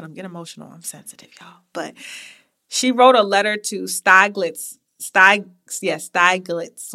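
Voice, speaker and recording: Young woman podcast host, bright tone, casual digressive storyteller. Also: lowish voice. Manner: chatty, digressive, with asides to listeners.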